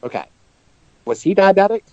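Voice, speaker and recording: He speaks in a high, sing-song voice at normal speed, a psychic medium recounting personal stories during a telephone interview. The sound is dry, dull and lo-fi, and his delivery is earnest and emotionally open.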